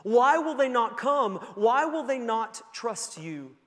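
A man's voice: extremely high pitch, big pitch swings, slow pace, fairly bright tone, full character voice. A man preaching voices a brave, tender cave woman, speaking in a pleading, heartfelt way. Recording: long church-hall reverb.

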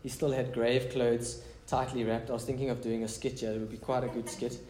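A man's voice: mid-range voice, flat delivery, brisk, a little mellow, reverberant. A man preaching a casual, conversational sermon as pastor, mixing prayer, scripture reading and chatty asides.

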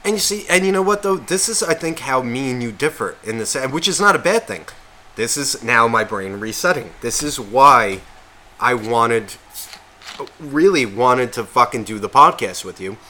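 A man co-hosting a casual podcast, rambling and swearing constantly, often restarting and questioning himself, and growing loud and heated when worked up. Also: medium pitch, animated, moderate pace. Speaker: podcast co-host.

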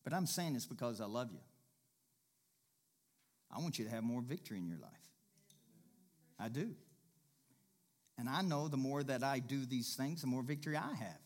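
A man preaching to his congregation in a mid-pitched voice. He talks in a folksy, easygoing way, repeats his key points and climbs into loud, emphatic bursts. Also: lively intonation, moderate pace, pauses often. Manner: folksy, jokes with the congregation and laughs. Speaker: pastor. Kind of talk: sermon.

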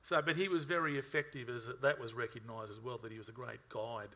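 Man, bright forceful tone, halting co-author in an interview. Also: medium pitch, steady tone. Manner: halting, full of fillers and restarts. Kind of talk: conversational interview.

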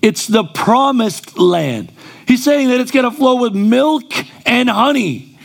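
A man's voice: very high voice, sing-song, a little slow, gravelly. A male pastor preaching a sermon in a church, conversational and then rising to emphatic exclamations.

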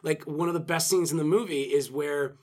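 A man's voice: on the high side, fairly quick. A man chatting casually as podcast co-host, rambling, swearing and acting out movie quotes. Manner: rambling, profane, acts out quotes. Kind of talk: casual chat.

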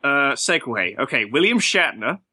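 A man's voice: medium pitch, very animated, sharp tone, slightly rough. A man hosting a casual podcast chat, joking around and steering the talk with playful segues. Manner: playful, quick to joke and segue. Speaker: podcast host.

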